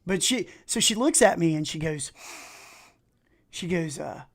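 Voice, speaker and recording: Appalachian guy, middle-aged, rambling excited chat on a gaming stream. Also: a little high, measured pace, gravelly. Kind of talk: casual live-stream chat while gaming.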